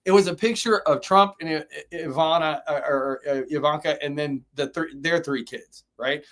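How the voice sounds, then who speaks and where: A man's voice: fairly high pitch, a little fast, few pauses, a bit bright. A man co-hosting a live-streamed talk show, ranting profanely and telling a story with mocking quotes. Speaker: podcast co-host. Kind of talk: heated casual rant. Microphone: live stream, remote or studio mic.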